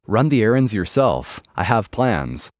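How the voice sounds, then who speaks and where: Young woman, firm, exasperated, lively delivery, man reading, dry sound. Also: lowish voice, a little slow, no echo. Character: angry young woman, twenty-two.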